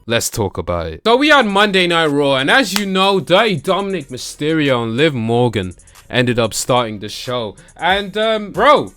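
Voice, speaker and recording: A young man recapping wrestling shows in a casual vlog, excitable and slangy, laughing often and mimicking the wrestlers. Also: fairly high pitch, normal speed, faint music behind. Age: young adult. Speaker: wrestling YouTuber. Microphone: camera that tracks him.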